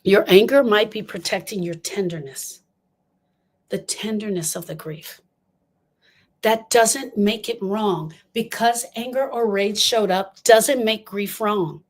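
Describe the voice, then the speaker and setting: A woman's voice: medium pitch, slow. An older woman giving an impassioned talk on grief, emphatic and repeating lines for stress as she speaks straight to her listeners.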